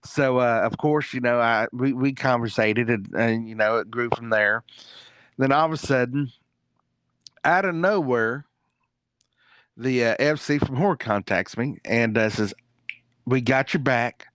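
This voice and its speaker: A man tells a story as a guest on a talk show, rambling along with plenty of fillers and restarts. His voice sits at a middle pitch. The sound is close and dry. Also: measured pace, pauses often, a bit bright, no room sound. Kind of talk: casual storytelling.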